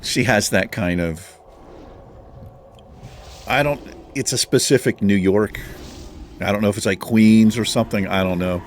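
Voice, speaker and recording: A man's voice: lowish voice, a little slow, pauses often, a little hiss or hum. A man hosting a gaming video, chatting casually in a rambling, meandering way while he plays. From Virginia. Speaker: gaming channel host. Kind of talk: casual chat while playing a game.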